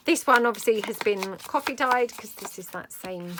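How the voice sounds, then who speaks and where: A woman's voice: fairly high pitch, lively intonation, normal speed, very noisy. A middle-aged woman chatting casually through a crafting tutorial, thinking aloud as she works. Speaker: craft vlogger.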